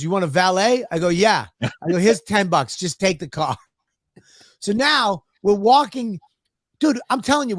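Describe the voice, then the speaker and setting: Animated high-voiced storyteller man. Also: no echo, studio quality. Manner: profane, exasperated storyteller who acts out both sides. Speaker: podcast co-host.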